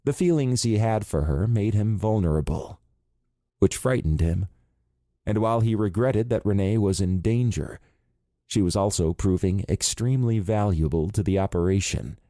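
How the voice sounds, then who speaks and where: A man reading a thriller audiobook in a calm, measured narration. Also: lowish voice, no echo, clean studio sound. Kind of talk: scripted narration.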